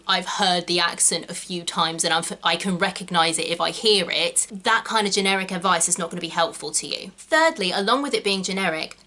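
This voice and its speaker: Chatty bright woman, Southern English accent. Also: medium pitch. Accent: Southern English (Kent, Estuary). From England. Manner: chatty, quick asides and emphatic stress. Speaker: actor and channel host. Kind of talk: casual video lesson.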